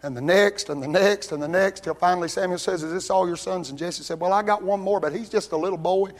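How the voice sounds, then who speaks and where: A man preaching a sermon, telling Bible stories in a folksy way and rising to loud, shouted peaks. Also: high voice, brisk. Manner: builds from quiet storytelling to loud shouting.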